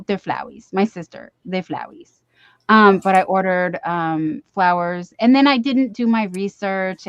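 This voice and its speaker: Speaking into a computer mic for her live stream, a middle-aged woman hosts a relaxed chat from home, wandering off topic and frequently teasing herself. Her pitch is fairly low. The audio is dull, with no room sound.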